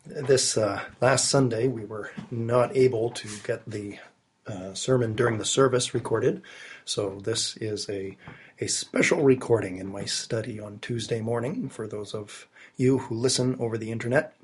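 A man's voice: medium pitch, fairly even intonation, normal speed, a little hiss or hum. A man preaching a sermon, recorded alone in his study while he has a cold, earnest and emphatic with rising stresses. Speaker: pastor.

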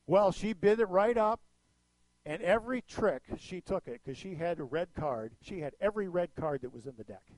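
A folksy sermon comes from a middle-aged male pastor speaking at normal speed in a high, lifted voice. He tells stories with lively shifts in pitch and volume, captured dry and close with hardly any room echo.

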